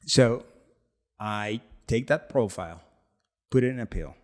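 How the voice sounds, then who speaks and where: This product founder and podcast co-host has a lowish voice and speaks a little slowly. He recounts a story in a relaxed, lively way, laughing and performing the quotes.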